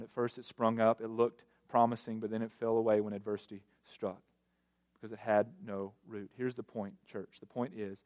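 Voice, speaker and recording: Delivering a sermon, a male pastor leans on repetition for effect. His voice is emphatic, swelling in broad rises of pitch and volume.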